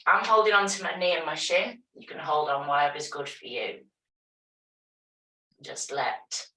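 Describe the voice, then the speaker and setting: A woman teaching a yoga class, giving calm, step-by-step movement and breathing cues. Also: deep voice. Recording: echoey room, voice from a distance.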